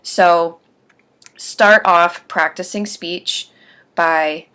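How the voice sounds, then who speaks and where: A woman talking earnestly about getting used to dentures, pausing between phrases as she gives advice. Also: fairly low pitch, fairly even intonation, bright, forceful tone, smooth. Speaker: host sharing denture aftercare advice. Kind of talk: casual instructional talk.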